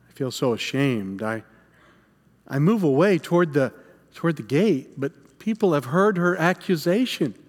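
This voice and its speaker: A man playing the frightened, guilt-stricken apostle Peter in a dramatic first-person monologue, halting and stammering over his words. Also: a little high, expressive, big-room sound. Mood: ashamed.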